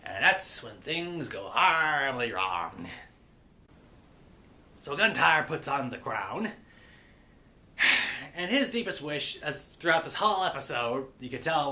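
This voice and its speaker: A man's voice: mid-range voice, sharp tone. A man giving a rambling, casual recap of a cartoon episode, with many fillers and the odd playful pirate growl.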